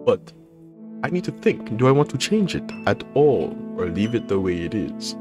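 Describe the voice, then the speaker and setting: Low-voiced, laid-back male streamer. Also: big pitch swings, moderate pace, over music. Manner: casual, joking, swears freely. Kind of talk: casual live-stream chat.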